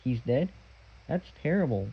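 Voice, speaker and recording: A fussy, pompous gentleman who lectures and corrects others in a prim, stern tone, as a man reading aloud puts him on. His voice sits noticeably higher and louder than the reader's own, and the recording is dull and lo-fi. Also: very animated, a little slow, breathy edge, full character voice.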